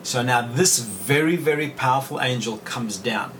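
A man hosting a podcast, reading Bible verses aloud and explaining them in a measured way. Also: medium pitch, fairly bright tone, far from the mic, slight background noise, poor audio. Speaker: podcast host teaching scripture.

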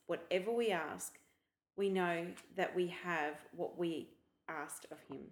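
A woman's voice: fairly low pitch, measured pace. A woman on a church podcast, reading and explaining points thoughtfully, step by step. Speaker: podcast guest. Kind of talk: casual church podcast chat. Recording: roomy echo.

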